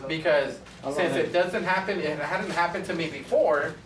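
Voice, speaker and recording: Barbershop owner teaching students, storyteller type, slightly high voice, off-mic in a roomy space. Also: male voice, moderate pace, crowd noise. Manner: chatty storyteller, acts out both sides of conversations. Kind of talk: casual classroom talk with anecdotes. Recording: echoey room from a distance.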